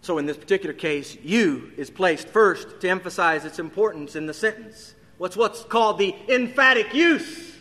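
High, bright-voiced preacher in a hall. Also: male voice, normal speed, few pauses. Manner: expository, rising emphatically on key questions. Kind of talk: sermon. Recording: long hall reverb.

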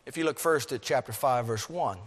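A man preaching a sermon, swinging between emphatic, raised peaks and low, quiet stretches. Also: fairly quick. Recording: long hall reverb.

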